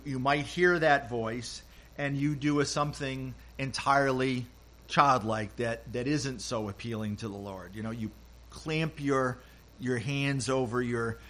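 An older man delivering a sermon, taking his time over each phrase. He speaks gently and acts out short quotes in a softer voice. His pitch sits in a mid range. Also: measured pace. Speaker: pastor.

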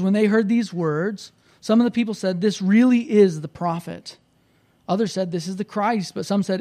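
A man pastor preaching a sermon, animated and conversational, rising loud when he voices the crowd. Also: high voice. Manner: conversational, with restarts.

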